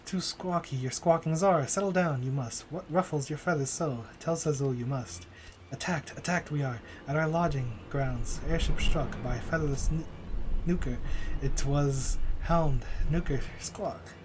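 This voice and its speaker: A man's voice: a little high, unhurried, noisy background, close to an everyday voice. A man squawking as a proud bird beastman with backwards speech. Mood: agitated. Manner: squawks, backwards word order. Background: game music.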